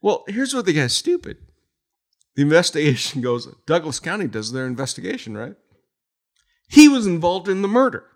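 A man's voice: a little high, very animated, normal speed. A man, a retired police officer, telling stories in a casual interview, laughing often and swearing casually.

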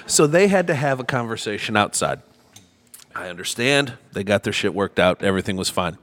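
A man's voice: on the low side, animated, a little fast, fairly bright tone, slight background noise. A man co-hosting a casual podcast, teasing a friend and retelling a night out. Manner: teasing storyteller, quotes friends for laughs. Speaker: podcast co-host. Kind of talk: casual beer podcast banter.

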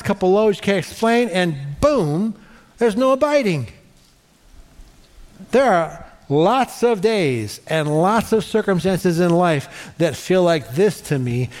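Animated high-voiced preaching man. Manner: animated preaching, repeats phrases for emphasis. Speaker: pastor. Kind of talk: sermon. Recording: long hall reverb.

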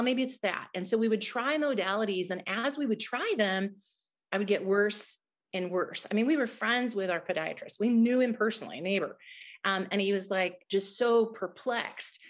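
Woman, middle-aged, interview guest, earnest emotional testimony, medium-pitched voice. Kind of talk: personal testimony in conversation.

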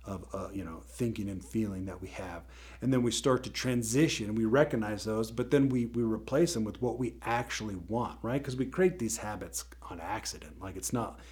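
A man's voice: fairly low pitch, darkish tone. A man hosting a faith-based teaching show gives a motivational talk in a conversational, emphatic way, often checking in with his listeners.

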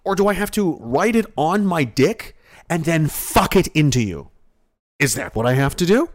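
Man plays a nonchalant, menacing drill sergeant, flat threats, a touch high. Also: moderate pace. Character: menacing adult male drill sergeant, coldly calm.

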